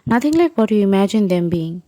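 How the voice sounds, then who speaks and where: A woman narrating a second-person fan fiction story in an even, unhurried way. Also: medium pitch, no echo.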